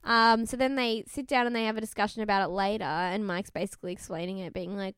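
A woman's voice: mid-range voice, quick pace, hardly any pauses, clear, resonant tone, no echo, studio quality. A woman co-hosting a podcast, casually recapping a TV show, laughing and acting out the people she quotes. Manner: chatty, laughing, quotes people in animated voices. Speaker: podcast co-host.

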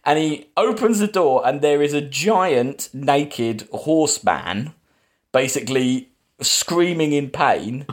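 A man hosting a podcast, casually retelling a film's plot with lots of fillers and quick acted quotes. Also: a little high, animated. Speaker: podcast host. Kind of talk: casual film discussion.

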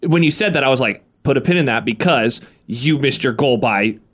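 A man's voice: mid-range voice, expressive, normal speed. A man hosting a running podcast, asking questions in a chatty, self-deprecating way. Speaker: podcast host. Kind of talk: casual interview chat.

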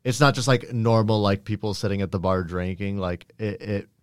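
A man's voice: lowish voice, clear, resonant tone. A man narrating as game master in a tabletop game, chatty with lots of fillers. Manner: casual, filler-heavy narration with quick put-on voices for townsfolk.

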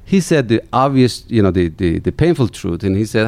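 A middle-aged man from Turkey, an animated storyteller who repeats words as he recounts his company's start in an interview. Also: on the low side, a little fast, creaky, hardly any pauses. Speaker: company founder guest.

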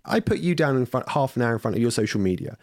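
A man's voice: mid-range voice, expressive, fast talker, a little mellow, no echo, studio quality. A man talking in a casual podcast conversation, rambling with many restarts and getting heated and sweary.

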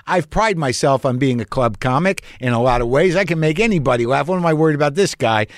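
A male podcast host with a fairly high voice, cursing freely as he rambles through a story. He keeps second-guessing himself. The sound is dry and close. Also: animated, fairly quick, hardly any pauses, no echo. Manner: profane, rambling, self-questioning. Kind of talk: storytelling monologue.

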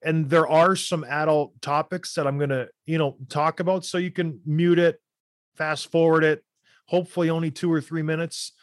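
A man in his thirties hosts a podcast, a former hockey player who gets fired up and hammers his points home. His voice sits a little high for a man. The recording is dry and close, with no room sound. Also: fairly even intonation, normal speed, no room sound. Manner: fired-up, emphatic ranting. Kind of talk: casual chat and ad read.

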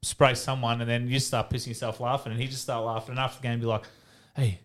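A man's voice: mid-range voice, flat delivery, quick pace. A man with an Australian accent telling coaching stories in casual chat, swearing freely and laughing as he goes. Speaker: former professional footballer.

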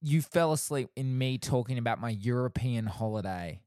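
A man's voice: mid-range voice, animated, moderate pace, warm tone, no room sound, clean studio sound. Teasing Australian man on a podcast. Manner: teasing, quizzing. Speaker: podcast co-host. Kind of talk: casual chat.

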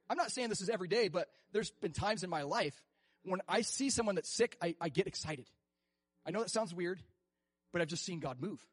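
A man preaching a sermon, animated and acting out quoted voices, often laughing. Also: sits high, dry recording.

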